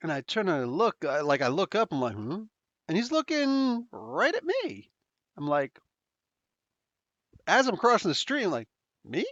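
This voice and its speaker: A man's voice: sits high, wildly swooping pitch, moderate pace, pauses often, fairly bright tone, no room sound, muffled recording. A man from New Jersey with a New Jersey accent, hosting a podcast and telling a story in a rambling, slangy way. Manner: rambling, many fillers and restarts, slangy. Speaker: podcast host. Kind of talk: casual storytelling.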